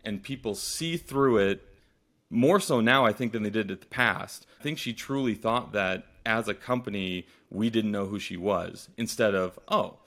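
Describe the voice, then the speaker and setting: A man hosting a casual podcast, telling a personal story in a lively way. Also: lowish voice, normal speed. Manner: lively storyteller who acts out past dialogue. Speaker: podcast host.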